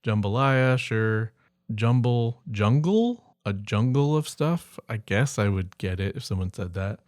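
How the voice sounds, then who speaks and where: Male podcast co-host, low and dry, casual and musing, hesitant asides. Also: expressive, a little slow, darkish tone, dry recording. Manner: musing, reads word lists aloud with hesitant asides. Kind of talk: casual chat.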